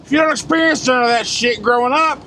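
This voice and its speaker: A man's voice: very high voice, fast talker, pushed and bright. A man, a truck driver vlogger giving a blunt, profane, fired-up casual rant. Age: 40s. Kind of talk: casual ranting monologue. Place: inside a truck cab. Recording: road noise from a moving truck.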